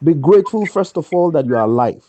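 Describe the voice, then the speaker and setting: A man's voice: on the high side, animated, fast talker, warm tone, no room sound, muffled recording. A man giving an emphatic motivational talk, repeating his key lines over a video call. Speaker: guest speaker.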